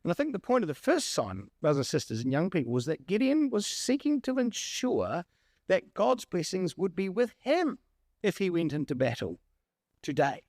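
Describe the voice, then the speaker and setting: A man preaching a Bible study in a high, highly animated voice that rises and falls sharply. He speaks with emphasis and calls out to his listeners. The recording is dry and close. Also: normal speed, no room sound. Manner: emphatic preaching, addresses the congregation directly. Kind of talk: sermon.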